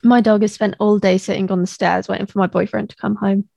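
A woman's voice: medium pitch, level tone, quick pace, vocal fry, mellow. A chatty woman hosting a casual podcast chat. Her voice sits in a middling register, and she laughs easily and often restarts her sentences as she talks. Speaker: podcast host.

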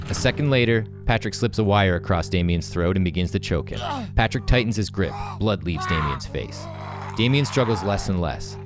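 Low-voiced man reading scene directions. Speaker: host.

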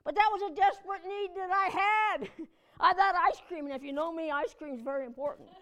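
A high-voiced woman pastor delivering a homey, conversational sermon. She spins personal anecdotes in a chatty, folksy way, laughing along and bursting into emphatic exclamations. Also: brisk, fairly bright tone, lo-fi sound.

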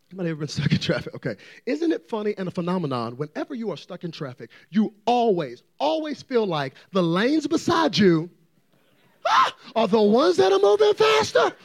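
A man preaching a fervent, playful sermon as a guest preacher, often swelling into shouts. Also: sits high, sing-song, brisk.

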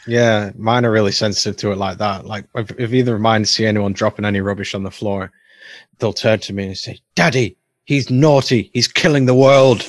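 A man's voice: fairly low pitch, level tone, a little fast, dry recording. A man from the UK in his thirties, chatting casually as a podcast co-host, blunt and sweary with dry humor. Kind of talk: casual chat.

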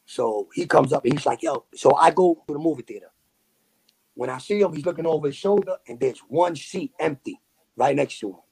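Gravelly streetwise New York man. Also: a little high, brisk. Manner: streetwise, animated, full of slang and fillers. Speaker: podcast guest. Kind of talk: casual storytelling.

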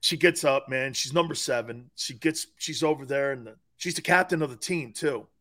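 This sports radio co-host has a mid-range voice and talks at a moderate pace. He tells stories animatedly on a sports talk show, tossing in "man" and "dude" as he goes.

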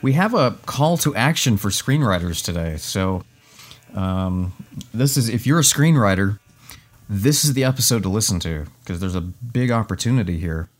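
A man's voice: lowish voice, expressive, normal speed, soft background music. A man hosting a podcast, chatting casually with lots of fillers while losing his voice. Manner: chatty, frequent fillers and restarts. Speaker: podcast host.

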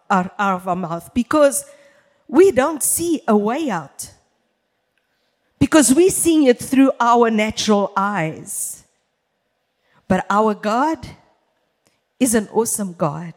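A woman preacher delivers a sermon at an unhurried, measured pace, her voice sitting fairly high. She leans on key words with emphasis and talks directly to the congregation. A long reverb trails each phrase, as in a church hall.

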